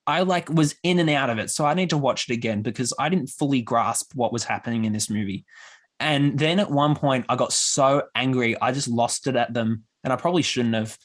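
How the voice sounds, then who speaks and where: Young male podcast host, animated storyteller, mid pitch. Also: fairly quick. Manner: animated storyteller, acts out quoted voices. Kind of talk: casual podcast chat.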